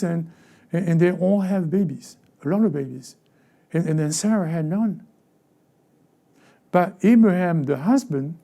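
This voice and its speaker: Gravelly, very dark-voiced pastor preaching. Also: male voice, high voice. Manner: acts out short quoted voices, asks the congregation rhetorical questions; repeats words and restarts phrases. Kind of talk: sermon. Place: church sanctuary.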